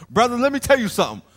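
A man preaching a lively sermon as pastor, acting out small scenes and calling on the congregation to answer him. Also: extremely high pitch. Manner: animated preaching, plays out little scenes and asks the crowd to respond. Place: church hall. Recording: long hall reverb.

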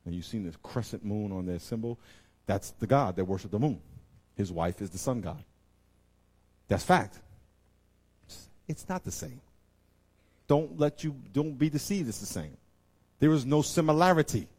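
A man preaching a sermon to his congregation, with emphatic delivery that swings from loud exclamations to quiet intensity and repeatedly addresses the audience directly. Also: mid-range voice, animated, normal speed, pauses often. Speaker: pastor.

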